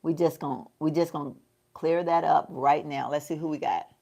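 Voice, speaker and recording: Southern woman vlogger, slightly low voice, easygoing chat while doing makeup. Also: fairly even intonation, moderate pace, vocal fry, a little mellow. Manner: chatty, folksy, laughs often, calls viewers y'all. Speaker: lifestyle vlogger.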